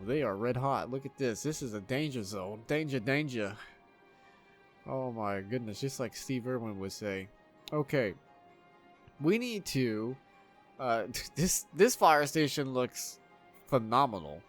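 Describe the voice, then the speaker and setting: A man casually commentating his own city-building game, excitable, swearing freely and laughing often. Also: mid-range voice. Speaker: gameplay video host. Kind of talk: casual let's-play commentary.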